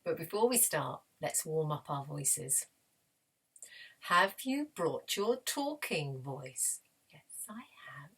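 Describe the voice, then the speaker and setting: A woman teaching a children's music lesson, gently and encouragingly, with playful voice demonstrations. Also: low voice, very animated, takes it slowly, husky. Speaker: primary school music teacher.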